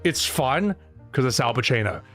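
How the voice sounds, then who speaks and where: A man's voice: medium pitch, very animated, normal speed, fairly bright tone, faint music behind. A young man chatting casually on a live stream, rambling, swearing and laughing often.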